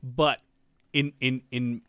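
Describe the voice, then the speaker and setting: A man's voice: mid-range voice, takes it slowly, clean tone, no room sound. A man in his forties co-hosting a casual podcast, telling stories with lots of swearing and acting out the people in them. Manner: animated storyteller, acts out voices, swears freely. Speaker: podcast co-host. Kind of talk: casual chat.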